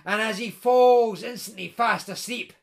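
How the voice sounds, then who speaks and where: A man telling a folk tale aloud, animated and playfully stammering for effect. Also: sits high, a little slow, gravelly. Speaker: storyteller. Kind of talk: oral storytelling to listeners.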